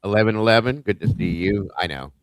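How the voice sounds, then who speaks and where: A man's voice: lowish voice, fast talker, noisy background. A man hosting a live-stream chat show, talking straight to his viewers in an emphatic way. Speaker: show host.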